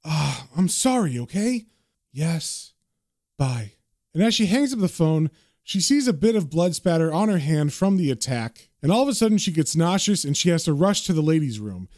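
A man recaps a comic book panel by panel in a relaxed, descriptive way. His voice sits a little high yet mellow, and the recording is dry and close. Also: brisk, no echo. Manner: casual, descriptive storytelling.

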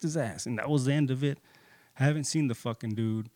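A man's voice: mid-range voice, a little fast, mellow, dry recording. A man telling a personal story in a casual, heated and profane way, rambling and full of fillers like "dude" and "you know".

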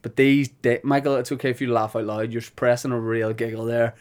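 A man's voice: medium pitch, level tone, fairly quick, no room sound. A Northern Irish man hosting a podcast, telling rambling, self-deprecating comic stories. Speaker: podcast host. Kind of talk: comic monologue.

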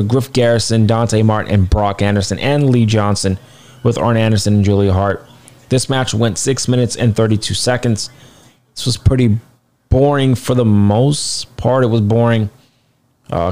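A man's voice: medium pitch, a little mellow. A man casually reviewing a wrestling show, blunt and rambling, swearing now and then, sounding tired. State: tired, yawning.

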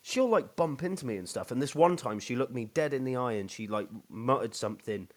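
A man tells a work story in loose, casual chat, full of fillers and restarts. He swears freely, and his voice sits at an ordinary middle pitch. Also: expressive, brisk. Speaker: storyteller host.

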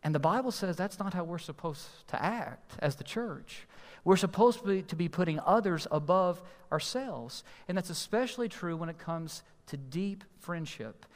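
A man preaching a sermon as pastor, earnest and emphatic, slowing to stress key phrases. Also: high-pitched, animated. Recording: long hall reverb.

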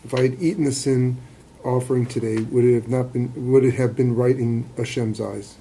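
A man in a study class reading scripture aloud, steady with small stumbles. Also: medium pitch, brisk, husky, rough recording.

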